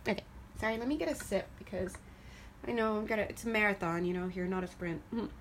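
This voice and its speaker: A woman doing a casual tarot reading to camera, chatty and animated, laughing often as she talks through the cards. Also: mid-range voice, fast talker, a little hiss or hum. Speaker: tarot reader.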